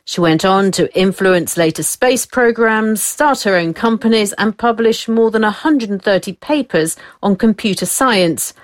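Woman narrating a short profile. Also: mid-range voice. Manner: even, unhurried reading. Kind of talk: scripted narration.

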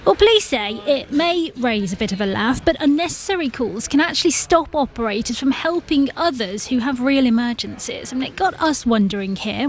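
A woman presenting a live radio news show, briskly steering guests. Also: on the high side. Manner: brisk, quick to hand over to guests.

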